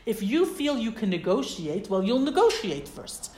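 A Torah teacher gives a casual explanatory lesson in a conversational, expressive way, often asking rhetorical questions. Her voice is medium in pitch and her speed is normal. The recording has a roomy echo and faint background noise.

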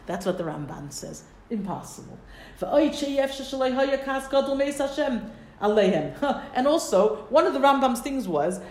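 A woman teaching a classroom text study, reading Hebrew quotes and acting out the sages' arguments with lively emphasis. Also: mid-range voice. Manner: animated, quotes Hebrew texts and voices sages. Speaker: Torah teacher. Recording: echoey room, faint background noise.

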